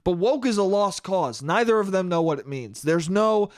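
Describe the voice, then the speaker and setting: Young male podcast host, lively swing of pitch, slangy and profane, dry close sound. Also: normal speed, dry recording. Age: young adult. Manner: rambling, swearing, slangy with dude and bro. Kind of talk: casual solo podcast monologue.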